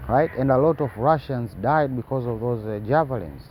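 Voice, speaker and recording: A man reading news reports aloud and breaking in with sarcastic commentary, halting often and tagging lines with questions. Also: medium pitch, highs cut off, slight background noise. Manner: halting, with many fillers and restarts.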